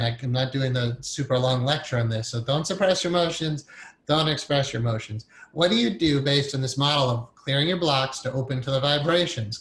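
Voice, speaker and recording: A man's voice: fairly high pitch, fairly bright tone, echoey room, poor audio. A man giving a recorded meditation training lecture in a loose, conversational way, repeating key points and acting out the inner voices of emotions. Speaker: meditation teacher.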